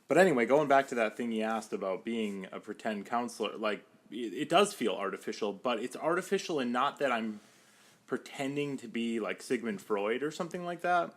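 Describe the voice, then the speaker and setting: A man's voice: mid-range voice, animated, brisk. A young man, a psychotherapist, talking casually on a podcast, with many "like" fillers, and slipping into quoted voices now and then.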